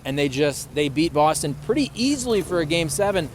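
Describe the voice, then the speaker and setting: A man co-hosts a relaxed sports podcast and speaks with steady enthusiasm, including when he reads a sponsor spot. His voice runs a little high. Faint traffic noise sits in the background. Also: brisk. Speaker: podcast co-host. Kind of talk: casual chat.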